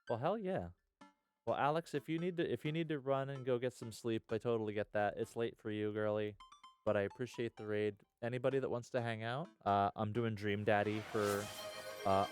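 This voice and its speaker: Laid-back low-voiced male streamer. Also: a little mellow. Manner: laid-back, rambling, lots of "uh" and "hell yeah". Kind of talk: casual live-stream chat.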